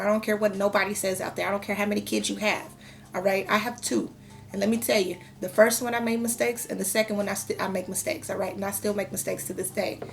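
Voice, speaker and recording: A woman's voice: medium pitch, creaky. A woman in her thirties giving a casual tarot reading, talking frankly and chatting with lots of fillers. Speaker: tarot reader.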